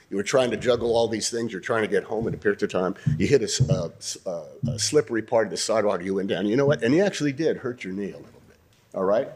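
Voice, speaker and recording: Husky older man coaching an acting class. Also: lowish voice, fast talker. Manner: animated, coaching, clears throat often. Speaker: acting teacher. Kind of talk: acting workshop instruction.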